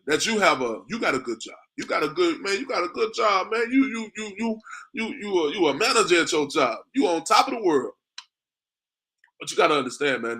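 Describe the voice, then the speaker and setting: A man with a bright, forceful voice set a little high preaches in a loose street-corner style. He speaks, peppers his talk with "man," and slows into a measured cadence when quoting scripture. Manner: conversational, repeats "man" and "you know what I mean"; reads scripture in a slow, drawn-out cadence.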